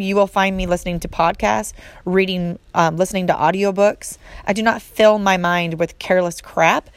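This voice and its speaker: A woman's voice: on the low side, no room sound. A woman coach giving an emphatic motivational talk, speaking directly to the listener and repeating points for force. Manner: emphatic, repetitive, direct address. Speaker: fitness and mindset coach.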